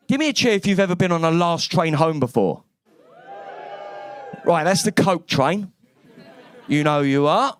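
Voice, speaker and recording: A man from East London with a London accent performs a stand-up comedy set on a club stage. His voice sits notably high for a man, and his delivery is brash and cheeky, full of swearing. He talks into a handheld stage mic. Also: clean tone, no echo.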